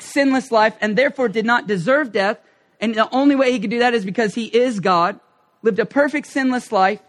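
With a very high voice, a male preacher delivers a passionate, emphatic sermon. He swings from hushed asides to loud calls and frequently acts out short prayers and quoted lines.

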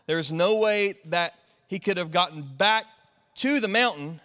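A man delivers a sermon in a loose, chatty way, tossing in fillers and quick asides to the congregation. His voice sits high for a man. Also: pushed and bright, long reverb tail. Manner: casual, conversational preaching with many fillers. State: tearful, sniffling. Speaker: pastor.

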